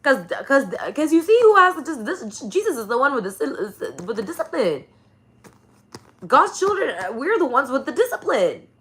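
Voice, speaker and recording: A woman's voice: high-pitched, sing-song, moderate pace, fairly bright tone. A woman in a casual religious rant, profane and emphatic, repeating her key phrases.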